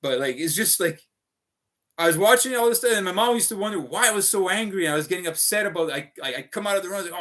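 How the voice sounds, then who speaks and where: A man talks straight to his viewers in a loose, rambling livestream. His voice sits a bit high with a sharp, bright edge. He curses freely and strings thoughts together with constant fillers. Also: expressive, quick pace. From Canada. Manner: profane, restless, full of fillers.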